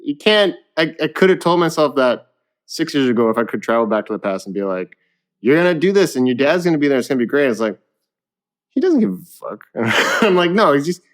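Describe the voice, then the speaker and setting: Young man, lively storyteller, laughs and swears casually, guest musician. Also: medium pitch, fast. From Canada. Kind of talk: casual interview chat.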